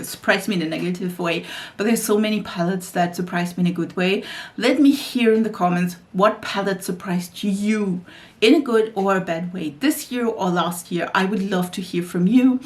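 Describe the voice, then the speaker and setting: A woman talking casually as a beauty YouTuber, chatty and full of filler "like"s. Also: mid-range voice. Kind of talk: casual vlog chat about makeup.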